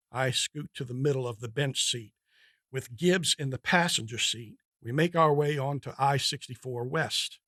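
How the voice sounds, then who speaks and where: Male reader, slow and measured, bright dry narration of a short story. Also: on the high side, no echo. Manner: measured, deliberate. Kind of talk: scripted narration.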